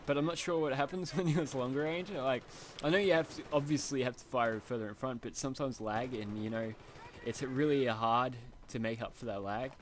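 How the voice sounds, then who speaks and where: A man's voice: mid-range voice, brisk, slight background noise. A young Australian man with a slight lisp and a sniffly nose, rambling casually over his gameplay with lots of fillers. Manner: rambling, self-deprecating, many fillers. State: sniffly from hay fever. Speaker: gamer.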